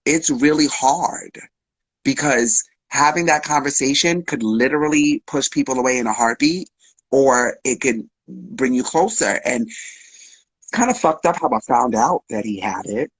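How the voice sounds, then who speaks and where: A man's voice: mid-range voice, measured pace, slightly rough, no room sound, low-quality recording. A man speaking as a guest, openly telling a personal story in a frank, emotional way, with slang and swearing.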